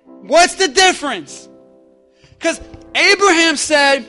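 Male pastor, high and bright, dynamic sermon delivery with crowd call-and-response, soft music bed. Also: slow pace, pauses often. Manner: energetic preaching, call-and-response with congregation, shifts from hushed to shouting.

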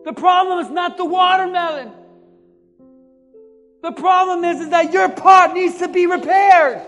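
Pastor, male, very high voice, animated preacher who bursts into shouts, booming reverberant church with music underneath. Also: a little slow. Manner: animated preaching, acts out quotes, shouts for emphasis. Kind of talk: sermon. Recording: long hall reverb with music behind.

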